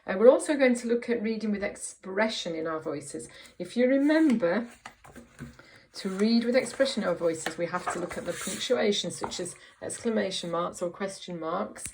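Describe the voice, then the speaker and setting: A woman's voice: mid-range voice, a little hiss or hum. A woman teaching a reading lesson to young children in an encouraging way, often asking tag questions. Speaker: primary school teacher.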